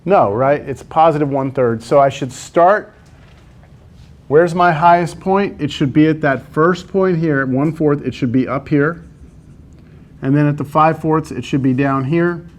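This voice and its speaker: A man's voice: a little high, measured pace. A male math teacher, teaching a class in a classroom and quizzing his students as he works through problems. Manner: coaxing, quizzes students with frequent "right?". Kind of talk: classroom lecture.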